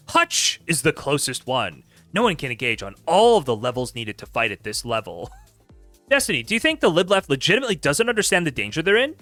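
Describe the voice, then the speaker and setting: A man's voice: fairly high pitch, huge pitch swings, a little fast, sharp tone, no room sound, soft background music. A man hosting a stream, reading chat logs aloud with sarcastic, incredulous commentary. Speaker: streamer host.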